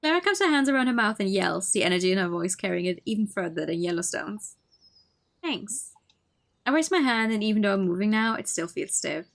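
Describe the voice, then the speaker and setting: A woman streamer reading a visual novel aloud, with expressive narration and playful asides. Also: mid-range voice, fast talker, gravelly, few pauses.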